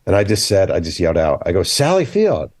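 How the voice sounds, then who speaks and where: Male author guest, low register, dry mic; animated, opinionated storyteller. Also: racing, dry recording. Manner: animated storyteller acting out quoted dialogue; blunt, opinionated. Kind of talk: casual podcast interview.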